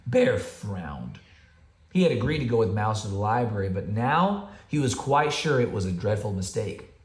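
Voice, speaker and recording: A man's voice: lowish voice, very animated, normal speed. A father reading a children's picture book aloud, chatty, with asides to his kids. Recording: roomy home room echo.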